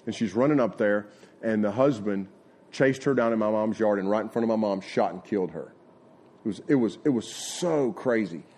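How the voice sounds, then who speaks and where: Husky folksy preacher man. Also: fairly low pitch, normal speed. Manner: folksy, conversational preaching with lively retold quotes. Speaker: pastor. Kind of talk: sermon with personal storytelling.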